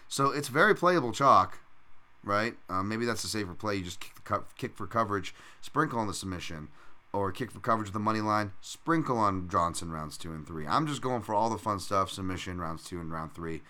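A man's voice: on the low side, animated, fairly quick, sharp tone. A man hosting a fight betting podcast in casual, profane, rambling chat with self-mocking jokes.

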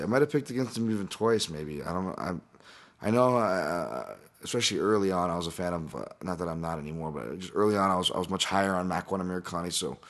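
Deep-voiced man talking through a sore throat. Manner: rambling, self-correcting, laughs at himself. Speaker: podcast host and fight analyst. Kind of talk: casual solo podcast breakdown.

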